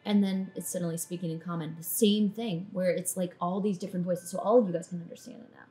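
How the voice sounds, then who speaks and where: A woman narrating a tabletop game as dungeon master, in descriptive, sometimes halting narration. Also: fairly low pitch, fairly even intonation, dark tone, faint music behind.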